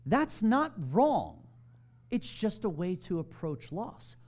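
A man's voice: sits high, very animated, slow, darkish tone. A man preaching a sermon in a conversational way, asking his congregation questions. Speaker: pastor.

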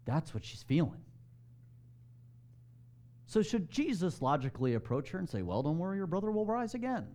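A man preaching a sermon, animated and emphatic, asking the congregation direct questions and dropping to a hush on key lines. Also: on the high side, moderate pace, long pauses. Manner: swings between loud emphasis and hushed softness. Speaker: pastor.

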